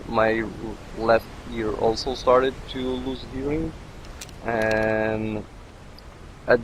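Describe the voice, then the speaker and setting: A man's voice: lowish voice, slight background noise, rough recording. A man who is not a native English speaker, rambling and joking as he comments on his gameplay. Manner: rambling, jokey, talks to himself. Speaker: let's play commentator.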